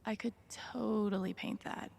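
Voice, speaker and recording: An actress voicing a dry, sardonic young woman in a video game, with a husky, gravelly voice. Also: mid-range voice, steady tone, normal speed, a little mellow. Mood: wry.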